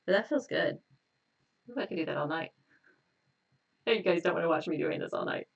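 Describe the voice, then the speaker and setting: Lady on a live stream leading a tapping session, low-ish voice, laughs a lot, bit off mic. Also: a little fast, gravelly, distant mic, dull audio. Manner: relaxed, chatty, laughs often, repeats affirmations. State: a little tired and stressed. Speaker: hypnotist leading a tapping exercise.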